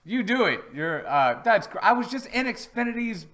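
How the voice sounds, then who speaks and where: A man's voice: sits high, big pitch swings, normal speed, fairly bright tone. A man hosting a casual live-stream product review from home, chatty and rambling, with easy jokes. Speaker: host.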